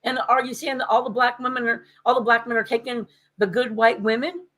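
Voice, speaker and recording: A woman co-hosting a podcast, telling a story in an animated, sarcastic way. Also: on the high side, brisk, poor audio. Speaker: podcast co-host. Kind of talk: casual podcast chat.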